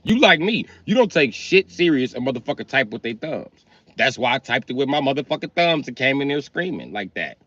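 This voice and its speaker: A man's voice: mid-range voice, very animated, fairly quick, a bit bright, no room sound. A middle-aged man on a livestream, ranting bluntly and crudely in a heated, comic way. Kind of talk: profane comic rant on a livestream. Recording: slightly dull lo-fi stream mic.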